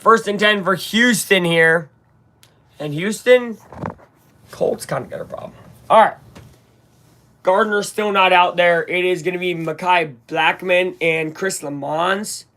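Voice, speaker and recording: This fan commentator talks slowly in a high, fairly bright voice while giving live play-by-play on a game. His commentary is casual and rambling, with his frustration out in the open.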